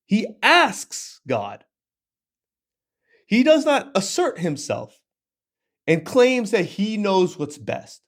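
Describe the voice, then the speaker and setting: Young male reader-commentator, casual and emphatic, swooping pitch, slow delivery. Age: 20s. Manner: animated, emphatic, slangy asides. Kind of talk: reading scripture with casual commentary.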